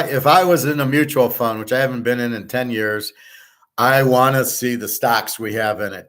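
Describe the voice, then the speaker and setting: A man's voice: mid-range voice, a bit bright. A man who handicaps sports bets, talking in a blunt, profane, rambling monologue.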